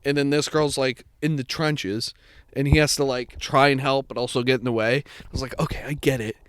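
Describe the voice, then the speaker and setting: A man's voice: mid-range voice, fairly even intonation, normal speed, a bit bright, clear, resonant tone, no echo. A young man co-hosting a podcast, telling a long story in casual chat, swearing and acting out the people in it. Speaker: podcast co-host.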